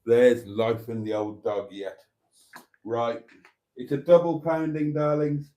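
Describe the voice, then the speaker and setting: A man's voice: mid-range voice, fairly even intonation, slow, warm tone. A middle-aged man hosting a late-night livestream, cheeky and chatty with frequent laughs, tired. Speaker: livestream host. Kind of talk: casual chat reading comments.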